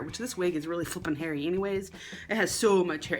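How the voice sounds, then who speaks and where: A woman's voice: brisk, a bit bright. A young woman from South Carolina with a Southern accent, rambling chattily through a wig and makeup tutorial at home. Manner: chatty, rambling, self-deprecating, drops into a low murmur at times. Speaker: wig and beauty vlogger. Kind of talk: casual tutorial chat.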